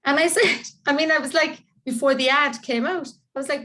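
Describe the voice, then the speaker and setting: An Irish woman in her fifties tells her own story in an interview, earnest and heartfelt. Her voice sits a little higher than most women's, and she brings the scenes to life by voicing the people in them. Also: steady tone, brisk, bright, forceful tone. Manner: earnest, emotional, acts out quoted dialogue. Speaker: interview guest, parent carer. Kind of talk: personal storytelling in conversation.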